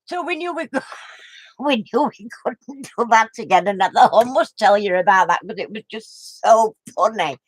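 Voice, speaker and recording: A woman's voice: a little high, animated, moderate pace, husky, no room sound. An older woman telling a funny story as a craft vlogger, laughing through her words and tossing in homely exclamations. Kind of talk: rambling anecdote to camera.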